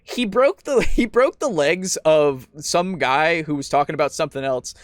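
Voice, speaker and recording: Male podcast co-host, excitable and profane, lively voice, slightly high. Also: moderate pace, no room sound. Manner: excitable, swears, laughs often. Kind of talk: casual chat.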